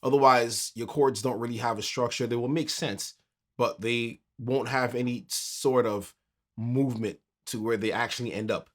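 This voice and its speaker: A man teaching a keyboard tutorial in a relaxed, conversational way, counting beats aloud as he plays. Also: medium pitch, moderate pace. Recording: piano music under the voice.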